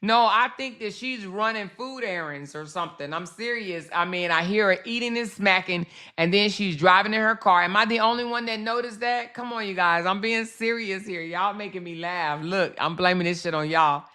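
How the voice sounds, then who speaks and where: A woman's voice: mid-range voice, moderate pace, few pauses. A woman hosting a casual livestream, talking animatedly straight to her chat and laughing often as she comments. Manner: chatty, animated, talks to her chat directly.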